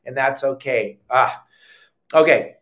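A man's voice: medium pitch, takes it slowly, fairly bright tone. An older man hosting a live fishing show, talking in a heated, emphatic way and repeating words for stress. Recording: echoey room.

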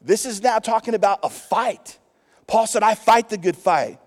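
A man with a Texas accent, a pastor preaching a lively sermon in a church, swinging from loud calls to hushed asides. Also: high voice. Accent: Texan. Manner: lively preaching with big swings in loudness, asides and quick jokes. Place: church sanctuary. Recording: long hall reverb.

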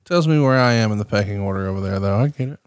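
A man's voice: lowish voice, racing, smooth, dry recording. A man in his forties co-hosting a podcast, ribbing his partner with mock outrage. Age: 40s. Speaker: podcast co-host. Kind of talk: casual chat.

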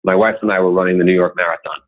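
A man telling motivational stories in a guest interview, acting out the people he quotes. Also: racing. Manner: animated, acts out quotes in raised pitch. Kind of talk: motivational storytelling. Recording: tinny phone-like line.

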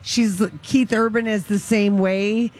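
A woman's voice: medium pitch, steady tone, slow pace, darkish tone. A woman in her fifties co-hosting a radio show, chatting and reminiscing casually. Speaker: radio co-host.

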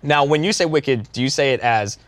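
A man's voice: mid-range voice, fairly quick, no room sound. A young man from near Boston, a guest in a casual chat, laid-back and swearing freely.

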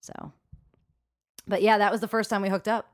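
A woman's voice: medium pitch, steady tone, normal speed. A young adult woman guest on a chat podcast, frank and rambling, telling a personal story with lots of fillers.

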